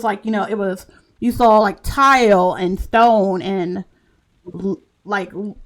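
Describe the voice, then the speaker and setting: A woman narrating a tabletop game as game master, halting and full of fillers as she describes scenes. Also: medium pitch. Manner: slow, halting narration with many fillers and restarts.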